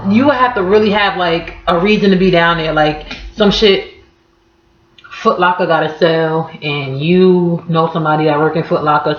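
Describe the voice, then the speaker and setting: A woman's voice: low-pitched, slight background noise. Blunt Harlem woman breaking down slang. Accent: Harlem, New York. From Harlem, New York City. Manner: blunt, profane, playful street talk. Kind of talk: casual slang explainer vlog. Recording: echoey room, slightly dull audio.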